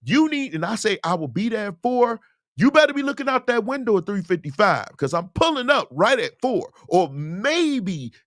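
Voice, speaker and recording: A man's voice: high-pitched, moderate pace, no room sound, studio quality. A man hosting a casual Q&A livestream, talking emphatically and animatedly about music and dating. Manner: animated, emphatic, preachy asides. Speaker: host, musician.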